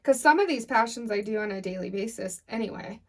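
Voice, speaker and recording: A woman's voice: mid-range voice, animated, fairly quick, recorded from a distance. A woman co-hosting a podcast, chatting agreeably and laughing easily. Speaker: podcast co-host. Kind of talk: casual podcast chat.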